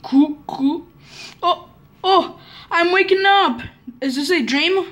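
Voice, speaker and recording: A female speaker improvising a toy play-acting story in a halting, stammering way. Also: extremely high pitch, fairly bright tone.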